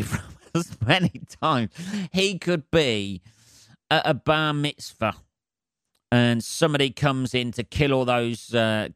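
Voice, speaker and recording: A man's voice: mid-range voice, smooth, no echo, clean studio sound. A man hosting a solo podcast, ranting in a sweary, rambling way. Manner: sweary, rambling, laughing asides. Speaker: podcast host. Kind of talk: solo comedic rant.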